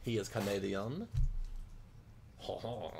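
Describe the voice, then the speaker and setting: A man's voice: fairly low pitch, expressive, slow pace, gravelly, noisy background, exaggerated voice. A man putting on a comic accent as a jolly hockey-player persona, chuckling "ho, ho" as he speaks as the players. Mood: jokey. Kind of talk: mock-accent card commentary.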